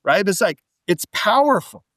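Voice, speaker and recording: A man with a slightly higher voice, talking casually as a podcast guest. He tells stories in a loose, animated way, full of asides and quick questions. The sound is dry and close to the mic. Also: dry recording. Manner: animated storytelling, frequent "like" and "right?". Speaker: podcast guest, business coach. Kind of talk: casual interview talk.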